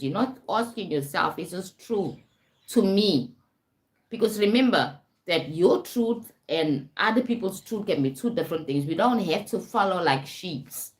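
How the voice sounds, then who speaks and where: A South African woman hosting a casual live talk, keeps checking in with her listeners by asking "right?" and "you understand?". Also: deep voice. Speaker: host. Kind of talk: casual live-stream talk on self-help.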